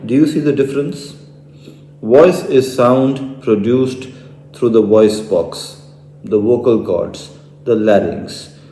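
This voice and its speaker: A man's voice: mid-range voice, slow pace, dark tone. Man lecturing in a very echoey room. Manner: clear, explanatory, asks rhetorical questions. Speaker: ENT doctor teaching medical students. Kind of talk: medical lecture. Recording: echoey room, mic far off.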